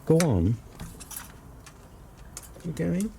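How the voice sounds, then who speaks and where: A man's voice: a little high, very animated, extremely slow, vocal fry, dark tone. A man with a Yorkshire accent chatting casually to camera as a vlogger, rambling and homely with lots of ums.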